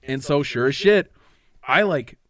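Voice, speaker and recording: A man telling a story in a casual, profane chat, acting out quotes with lively energy. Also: mid-range voice, measured pace.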